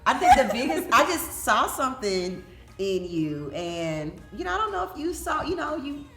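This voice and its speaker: A woman's voice: on the high side, normal speed, reverberant, faint music behind. A woman who leads a ministry, hosting a casual group conversation and telling stories with lots of laughter. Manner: animated, laughing storyteller. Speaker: ministry leader hosting a reunion.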